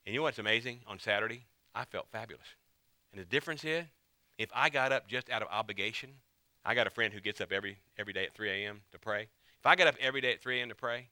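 A male pastor preaching with a very bright, forceful edge to his voice. He leans hard on key phrases and repeats them for emphasis. The sound is close and dry, with no room echo. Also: fairly low pitch. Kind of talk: sermon.

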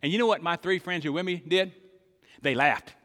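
Older guy preaching, bright forceful voice, asks the crowd stuff, goes loud then soft, big echoey church. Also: fairly high pitch, fairly quick. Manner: emphatic preacher, asks the congregation questions, swings loud and soft. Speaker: pastor. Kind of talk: sermon. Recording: long hall reverb.

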